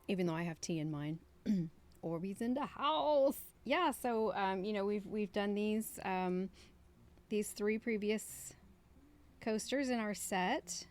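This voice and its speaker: Chatty woman crafting on a stream, mid pitch, slow and rambly, bit of music behind her. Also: animated. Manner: chatty, rambling, easily amused. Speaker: livestream host doing crafts. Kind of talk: casual chat while crafting, reading viewer comments.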